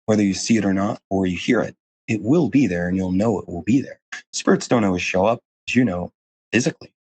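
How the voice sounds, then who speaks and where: A man's voice: fairly low pitch, fast, a little mellow, slightly rough. A man as a podcast guest, talking earnestly in a casual, rambling way with lots of fillers and restarts. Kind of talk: casual interview conversation.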